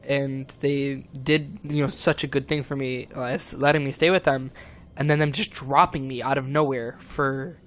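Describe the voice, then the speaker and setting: A man's voice: medium pitch, steady tone, normal speed, fairly bright tone. A young man in his teens, rambling and upset as he vents on a stream, swearing a lot. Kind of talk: casual venting monologue.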